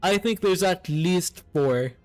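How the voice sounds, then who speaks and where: A man streaming a video game, chatting casually and excitably with his viewers and swearing freely. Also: high voice, slow pace, soft background music. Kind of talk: casual live-stream chat while gaming.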